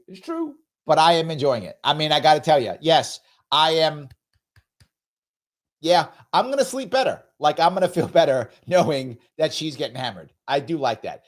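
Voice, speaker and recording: Guy hosting a live political show, snarky and mocking, voice bounces all over the place. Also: fairly high pitch. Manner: sarcastic, mocking, animated. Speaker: host.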